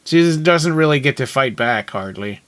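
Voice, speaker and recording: A man's voice: mid-range voice, animated, moderate pace, a bit bright. A man co-hosting a podcast, chatting casually and agreeably about a film as it plays. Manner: easygoing, agreeable, often laughing along. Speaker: podcast co-host. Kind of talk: casual film commentary chat.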